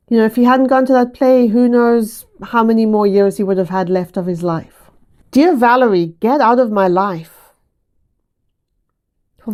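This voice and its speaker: Casting: a female reaction host, fairly high voice, wry and deadpan. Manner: wry, amused, deadpan asides. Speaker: host of a writing channel. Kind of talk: reaction commentary.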